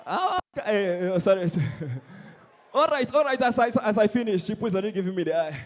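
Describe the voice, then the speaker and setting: A young Nigerian comedian with a Nigerian accent works a live crowd, bantering and poking fun at people. His high voice swoops up and down constantly. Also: animated, moderate pace. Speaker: stand-up comedian.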